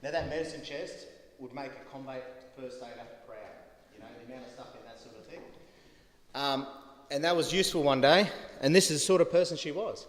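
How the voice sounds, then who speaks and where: With a medium-pitched voice and a fairly quick pace, a middle-aged man shares stories about his late mother in a eulogy, chuckling at his own anecdotes. The funeral venue hall was livestreamed and sounds echoey.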